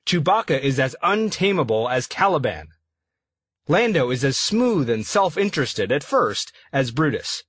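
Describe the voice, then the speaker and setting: A man's voice: mid-range voice, very animated, normal speed, a bit bright, slightly rough, no room sound. A man, the author, reading his own afterword for an audiobook in a bookish, playful manner.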